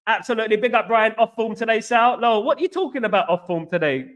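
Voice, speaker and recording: Bright, high-voiced East London man. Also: quick pace, few pauses. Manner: banter, slangy catchphrases, repeats himself. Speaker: livestream host. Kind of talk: casual livestream chat reading viewer comments.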